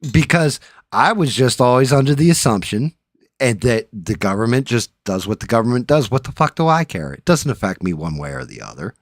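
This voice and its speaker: A man hosting a casual chat show, telling stories in a profane, animated way that rises when he gets riled up, recorded in a home studio. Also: mid-range voice, a little fast, dry recording. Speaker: podcast host.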